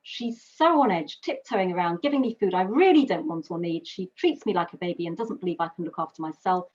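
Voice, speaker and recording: A woman's voice: lowish voice, animated, a little fast, darkish tone. A woman voicing a teenage boy's resentful inner thoughts. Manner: resentful, self-doubting inner monologue. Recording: dull lo-fi webinar audio.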